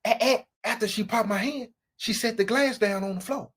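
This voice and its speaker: A woman telling a comic story in slangy, animated fashion, acting out voices and sound effects. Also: on the high side, normal speed, breathy edge. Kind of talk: comedic storytelling.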